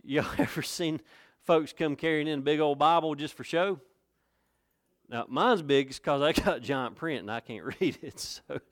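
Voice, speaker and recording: A man's voice: fairly high pitch, a little slow. A man preaching a sermon in a folksy, conversational way, rising to emphatic points. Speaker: pastor.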